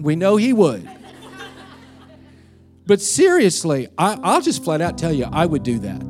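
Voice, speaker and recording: Male pastor, slightly high voice, animated storytelling sermon, soft music behind. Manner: storytelling, acts out voices, swings loud and quiet.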